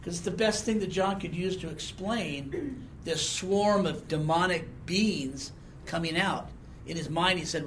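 A man's voice: a little high, measured pace, fairly bright tone, a little hiss or hum. A man preaching a sermon, talking conversationally and asking the congregation questions with a frequent "okay?". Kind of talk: sermon Bible teaching.

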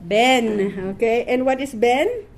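A woman teaching a Hebrew class, explaining words patiently and repeating them slowly for her students. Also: on the high side, animated. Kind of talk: classroom lesson.

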